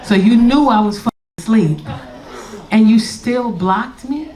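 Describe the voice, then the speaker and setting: Woman doing a needy partner, flat and low-pitched, insistent, crowd laughing. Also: unhurried, distant mic, rough recording. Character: clingy, self-centered woman partner, insistent. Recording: live club with audience laughter.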